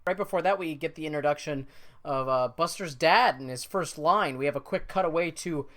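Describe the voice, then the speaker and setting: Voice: mid-range voice, a little fast, fairly bright tone. A podcast co-host chatting casually about a cartoon episode, laughing while talking. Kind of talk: casual chat.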